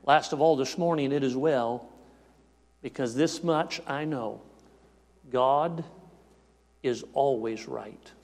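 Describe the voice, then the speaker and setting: A man preaching a sermon in rhythmic, repeating phrases, rising to shouts and dropping to hushed tones. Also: takes it slowly, long pauses. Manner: rhythmic repetition, swinging between shouted peaks and hushed lows. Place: church sanctuary. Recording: long reverb of a church hall.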